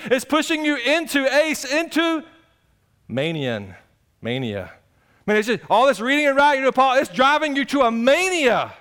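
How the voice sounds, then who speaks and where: Male pastor, high smooth voice, conversational preaching with loud and soft swings. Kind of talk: sermon.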